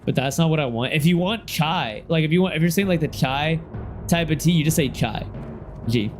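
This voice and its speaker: A young man streaming a game, chatting in a loose, slangy way and now and then bursting into sudden excited shouts. His voice sits a little high for a man. Faint music plays behind him. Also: normal speed. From Ohio. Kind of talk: casual game stream chat.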